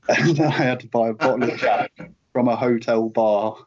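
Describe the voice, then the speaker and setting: A man's voice: mid-range voice, moderate pace, heavy background noise. A British man in his late thirties, a guest telling a long casual story with many fillers and chuckles. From United Kingdom. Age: late 30s. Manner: rambling storyteller, lots of fillers and laughs. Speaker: guest, merchandise writer. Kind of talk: casual anecdote in interview. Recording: dull lo-fi call audio.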